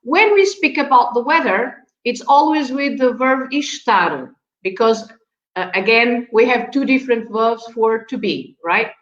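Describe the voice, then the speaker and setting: Woman, language teacher on a video call; patient, laughs a lot; muffled, roomy sound, slightly high voice. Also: lively intonation, unhurried, a bit bright. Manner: patient, explaining, laughs often. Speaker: Portuguese teacher. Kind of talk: live online language lesson.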